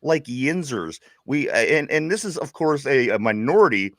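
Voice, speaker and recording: A man's voice: mid-range voice, big pitch swings, moderate pace, fairly bright tone, dry recording, studio quality. Rambling man with a Pittsburgh accent. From Pittsburgh, USA. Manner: rambling, laughs often, stumbles over words. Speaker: podcast co-host. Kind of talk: casual sports chat.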